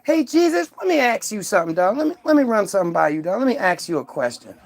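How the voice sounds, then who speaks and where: A man's voice: high voice, big pitch swings, quick pace, pitched above the performer's own voice. Hesitant nervous onlooker, cautious phrasing; a man voices him in a comic rant.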